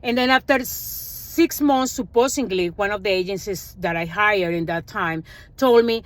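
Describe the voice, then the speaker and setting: A woman speaking English as a second language, her first being Spanish, telling an animated personal finance story in a casual vlog and acting out what others said. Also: mid-range voice, measured pace, no echo. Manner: animated storytelling, acts out quoted dialogue, non-native grammar.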